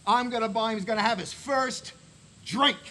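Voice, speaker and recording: Um homem dando voz a um pai orgulhoso e eufórico, com voz muito aguda e brilhante, agradecendo sem parar. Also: male voice, very high-pitched, moderate pace, pushed and bright. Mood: proud. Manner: exclaiming, thankful. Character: proud, overjoyed middle-aged father.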